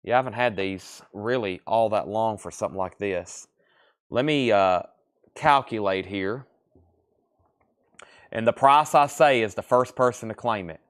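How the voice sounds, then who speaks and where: A man's voice: lowish voice, measured pace, long pauses. A man hosting a live online sale, chatting in a folksy, easygoing salesman patter and sounding tired. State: sleepy, yawning. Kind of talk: live auction selling.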